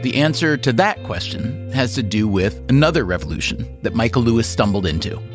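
A man hosting a radio interview show, narrating and asking curious, measured questions. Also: medium pitch, big pitch swings, over music. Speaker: podcast host.

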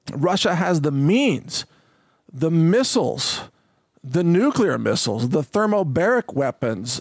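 A man delivers solo commentary in a fairly high voice, reading out quotes and then riffing on them. His talk is emphatic and loose, full of fillers and asides. The sound is dry and close, with no room around it. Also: no room sound. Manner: emphatic, conversational with frequent fillers. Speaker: political commentator.

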